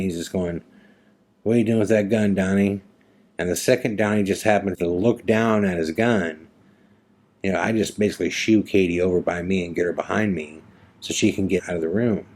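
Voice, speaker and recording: A man hosting a podcast, telling a personal story in a casual, conversational way with many fillers and restarts. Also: deep voice. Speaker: podcast host.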